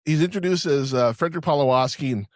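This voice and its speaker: A man's voice: a little high, fast talker, dry recording. A man co-hosting a casual movie podcast, retelling film scenes with swearing and acting out the lines. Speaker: podcast co-host.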